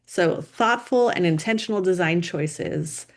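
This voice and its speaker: A woman instructor giving a recorded lecture over slides, explaining clearly and deliberately, stressing key words. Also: on the low side. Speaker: design instructor.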